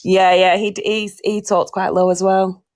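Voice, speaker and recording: A woman's voice: mid-range voice, flat delivery, moderate pace, darkish tone. A woman, calling in and answering in brief, hesitant replies. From Lancashire, England. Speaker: caller.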